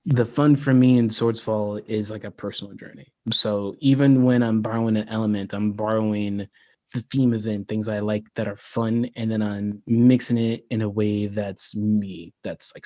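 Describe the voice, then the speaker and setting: Low-voiced rambling American man. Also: a little slow, no echo. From United States. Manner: relaxed and rambling, many "like"s, laughs often. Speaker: creator talking about his fantasy world. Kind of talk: casual livestream chat.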